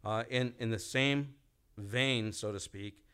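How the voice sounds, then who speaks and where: In a slow, forceful voice of medium pitch, bright and clean in tone, a man preaches a sermon as a pastor. He addresses the congregation directly in a conversational style, repeating and restarting, and acts out quoted pleas.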